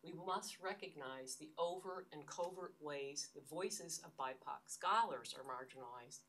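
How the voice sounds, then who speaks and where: A woman's voice: low-pitched, a little slow, fairly bright tone, slight background noise. An older American woman giving an academic lecture, earnest and emphatic, often restarting her phrases. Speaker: university lecturer. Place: lecture hall. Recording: distant lecture-hall recording.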